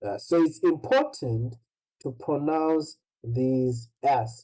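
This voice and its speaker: An English pronunciation teacher tutors one student, patiently explaining and checking in with "right?" after nearly every phrase. The voice is medium-pitched, slow, and mellow, and the audio is poor.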